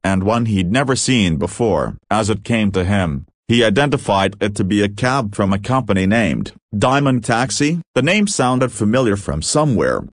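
A man narrating a story aloud in a plain, steady reading manner. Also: on the low side, moderate pace, hardly any pauses, dry recording, clean studio sound.

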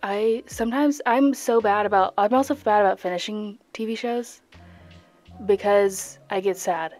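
A woman's voice: medium pitch, moderate pace, a little mellow, soft background music. A young woman rambling casually to the viewer while she paints, chatty and second-guessing herself. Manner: rambling, chatty, self-questioning. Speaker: art vlogger.

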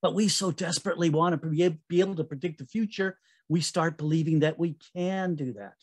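A man giving a conference talk in a relaxed, conversational way, with fillers and self-corrections. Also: a little high, fairly quick. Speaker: conference speaker.

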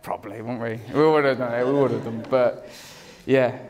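A man's voice: medium pitch, fairly even intonation, moderate pace, a crowd in the background. A young man giving a rambling, teasing wedding speech about his friend. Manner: rambling, joking, teasing, self-interrupting. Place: wedding reception.

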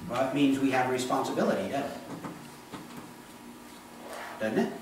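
A man's voice: mid-range voice, lively intonation, normal speed, noisy background. A man preaching a sermon as pastor of a church, talking in a conversational way and often asking the congregation questions. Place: church sanctuary. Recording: echoey church hall, mic from a distance.

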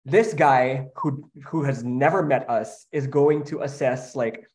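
Man, musical writer, earnest and halting delivery, casual panel chat. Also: medium pitch, darkish tone. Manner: earnest, halting, with many fillers and restarts.

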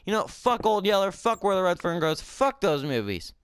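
A man giving casual gameplay commentary, swearing and shouting in frustration, then talking softly to his in-game pet. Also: sits high, big pitch swings, moderate pace, clear, resonant tone, no room sound, clean studio sound.

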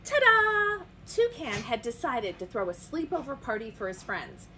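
Animated woman reading to children. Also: on the high side, moderate pace, slight background noise, poor audio. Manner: animated, asks the kids questions. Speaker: children's librarian. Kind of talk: picture-book read-aloud for kids.

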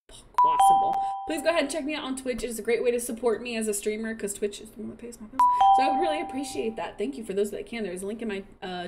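A young woman live-streaming a life-sim game, chatting casually and gushing over the game while thanking her chat. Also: fairly high pitch. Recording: loud game music behind. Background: game music.

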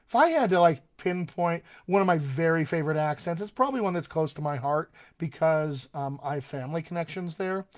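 A man's voice: fairly high pitch, animated, a little fast. An American man working as a dialect coach, answering viewer questions in a live online session and demonstrating sounds as he explains. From United States.

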